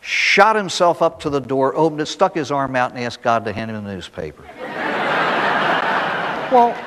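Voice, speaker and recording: A man's voice: mid-range voice, big pitch swings, moderate pace, fairly bright tone, a little hiss or hum. A man, a priest, giving a recovery talk to an audience, telling folksy stories and asking rhetorical questions. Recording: echoey hall recording.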